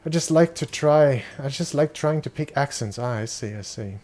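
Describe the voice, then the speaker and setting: A young man from Germany talks casually over a game stream, rambling and swearing now and then as he answers chat. His voice sits at an ordinary middle pitch. Faint game music and keyboard typing are heard behind him. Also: moderate pace, a little mellow.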